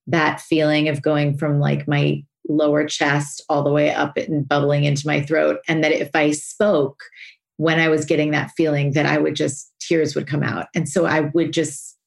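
A woman hosts a podcast in a notably low voice. She speaks candidly and reflectively about her own experience. She laughs easily between thoughts. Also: completely flat delivery, moderate pace, vocal fry. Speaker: podcast host. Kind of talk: podcast interview, personal reflection.

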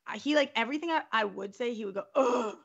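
A young woman co-hosting a casual chat, telling an animated story and swearing freely. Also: a little high, racing, dull audio. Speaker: podcast co-host.

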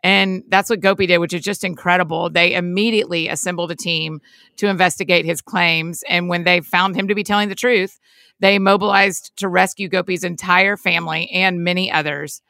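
Chatty woman with a gravelly, bright voice. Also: on the low side, steady tone, a little fast, no echo. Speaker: podcast co-host. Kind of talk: casual chat and sponsor read.

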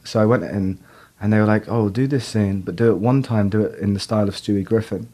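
A man's voice: on the low side, fairly even intonation, a little fast, mellow. A man, an actor, telling stories in a casual interview, laughing often at himself. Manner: laughs often, self-deprecating. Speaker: actor guest.

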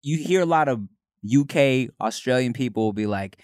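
Male podcast co-host; rambling, filler-heavy storyteller, very expressive pitch. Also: moderate pace, no room sound, studio quality. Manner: rambling storyteller, many fillers, laughs often. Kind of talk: casual chat.

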